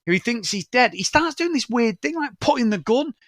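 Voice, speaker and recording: A man with a high, springy voice that leaps all over the place. He swears freely and acts out scenes as he talks. His voice is recorded close and dry. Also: big pitch swings, brisk, fairly bright tone, dry recording. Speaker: podcast co-host. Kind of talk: casual film review chat.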